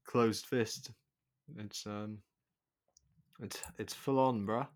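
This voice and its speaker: A man in a casual podcast chat, talking in a hesitant, measured way. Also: on the low side, fairly even intonation.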